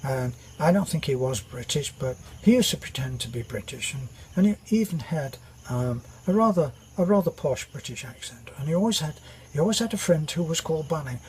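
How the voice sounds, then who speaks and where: A man hosting his channel, telling jokes in a rambling way with many pauses and restarts. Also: fairly high pitch, lively intonation, a little mellow, slight background noise, poor audio. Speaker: channel host. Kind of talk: casual joke telling.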